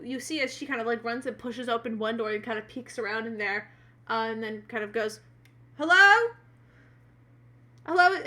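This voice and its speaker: A woman running a tabletop role-playing game on a live stream, describing scenes for her players. Her voice is bright and a touch higher than average. She hesitates often and fills gaps with ums and uhs. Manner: hesitant, filler-heavy. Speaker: game master.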